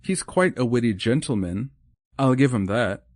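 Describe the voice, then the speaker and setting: A man's voice: medium pitch, lively intonation, moderate pace, a little mellow, no echo, studio quality, voice pushed up, lightly acted. A man voicing a lonely, proper older woman in an audiobook, formal and hesitant in speech. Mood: wistful, formal. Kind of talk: audiobook character voice.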